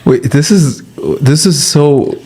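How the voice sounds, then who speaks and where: Very deep, mellow woman podcast co-host. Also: takes it slowly, breathy edge. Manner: curious, questioning. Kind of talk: casual chat.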